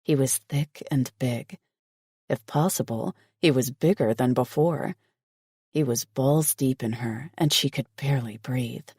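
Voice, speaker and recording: A man reading a romance audiobook in scripted narration, slow and steady. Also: medium pitch, no echo, clean studio sound.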